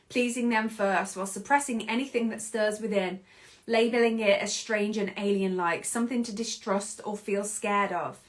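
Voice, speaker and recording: A British woman in her thirties hosting a podcast, speaking in an expressive reflective monologue and often laughing. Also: medium pitch. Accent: British English. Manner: expressive, acts out quoted voices, laughs often. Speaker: podcast host.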